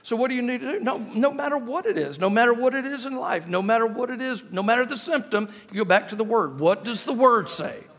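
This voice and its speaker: A man's voice: extremely high pitch, expressive, fast talker, few pauses, a bit bright. A middle-aged man preaching a sermon as a guest preacher, telling humorous stories and repeating phrases with rhetorical questions. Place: church sanctuary. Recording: echoey church hall with long reverb.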